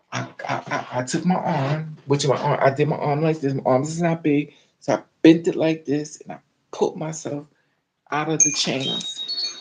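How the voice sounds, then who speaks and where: A woman recounting a personal story in an animated, dramatic way, full of colloquial slang. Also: sits low, background noise. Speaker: storyteller vlogger.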